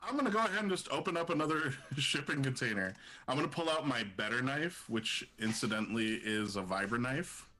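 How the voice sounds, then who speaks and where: A man's voice: mid-range voice, lively intonation, fairly quick, pushed and bright. A man playing a tabletop game, talking casually about his character's actions. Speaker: player.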